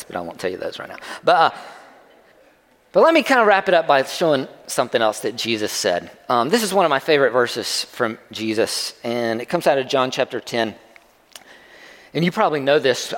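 A man preaching to a congregation, relaxed and chatty, often breaking into the voices of imagined listeners. His voice sits a little high for a man. A long reverb trails every line, as in a big hall. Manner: conversational and joking, acts out voices of listeners. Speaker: pastor. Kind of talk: sermon.

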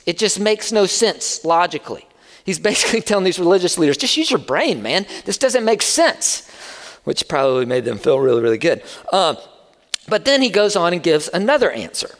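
Male preacher, high voice, chatty and animated sermon delivery, reverberant church hall. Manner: conversational, animated preaching with asides. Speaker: pastor.

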